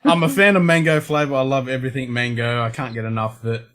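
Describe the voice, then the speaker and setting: Brief: Australian male host, mid-pitched, laid-back, salty-mouthed livestream banter. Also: fairly even intonation, fast talker, fairly bright tone. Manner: blunt, swears constantly, laid-back. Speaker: show host. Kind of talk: casual livestream chat.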